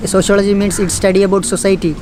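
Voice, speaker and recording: A high, monotone male voice with a Kerala accent speaks in halting, simple English. He is interviewed outdoors near a street, with faint traffic noise behind him. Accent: Indian, Kerala. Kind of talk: informal interview.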